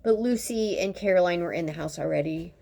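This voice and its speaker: A woman's voice: on the low side, brisk, gravelly, dark tone. A woman in her fifties who works in dentistry, venting in a blunt, profane, sarcastic monologue that rambles with exasperation. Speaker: dental practitioner.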